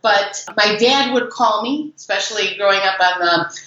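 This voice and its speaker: A woman's voice: mid-range voice, normal speed, slight background noise. Chatty woman from chicago suburbs, 40s, tons of echo, kinda muffled lo-fi sound. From Chicago suburbs, USA. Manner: chatty, animated storyteller with fillers. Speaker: guest, business founder. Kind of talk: casual interview storytelling. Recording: very echoey, dull lo-fi remote audio.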